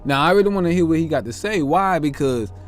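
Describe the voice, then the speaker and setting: An earnest man talks through a reflective motivational monologue, asking himself questions and answering them aloud. His voice sits a little high for a man, and faint music plays underneath. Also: animated. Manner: earnest, self-questioning, drawn-out musing. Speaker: host.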